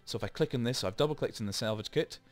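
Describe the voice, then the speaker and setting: A man's voice: medium pitch, rapid-fire, soft background music. A man hosting a let's play, chatting and rambling through explanations with lots of asides, into a desk microphone. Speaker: gaming channel host.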